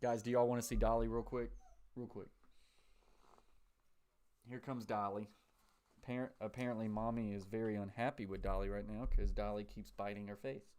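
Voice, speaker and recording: A man's voice: on the low side, moderate pace, long pauses, clear, resonant tone. A man from Tennessee, hosting a casual live stream with play-by-play calls and chatter to viewers at home. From Tennessee, USA. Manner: chatty, shouts out viewers, excited on big plays.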